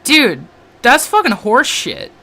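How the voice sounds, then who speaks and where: A woman's voice: on the high side, wildly swooping pitch, pushed and bright. Profane ranting woman stream host. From United States. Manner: profane, ranting, quick to rant. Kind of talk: casual online chat.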